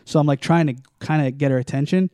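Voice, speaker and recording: A man's voice: on the high side, fast talker, warm tone, clean tone, dry recording, studio quality. A young man telling a long story in casual chat, rambling with many likes and restarts.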